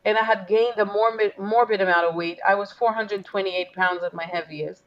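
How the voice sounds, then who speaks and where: A woman's voice: medium pitch, fairly even intonation, normal speed. Woman telling her story earnestly, lo-fi. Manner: emotional, earnest storytelling with quoted dialogue. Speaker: business coach, guest. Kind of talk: interview storytelling.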